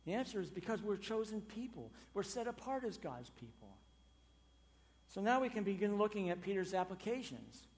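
A male pastor delivers a sermon in a fairly high, sing-song voice at a moderate pace, his words echoing in a long reverb through the large church hall. He swings emphatically between loud stresses on key words and quiet, low drops.

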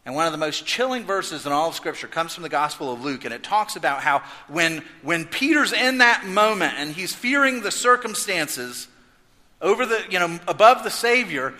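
A man preaching a sermon as pastor, swinging from loud emphasis to hushed intensity. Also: sits high, expressive, moderate pace. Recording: echoey hall reverb.

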